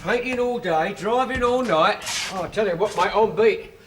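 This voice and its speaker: A man's voice: high-pitched, moderate pace, very noisy. A man in a 1970s sitcom, trading cheeky jokes about paint. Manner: cheeky, jokey banter. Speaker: sitcom character, bus driver son.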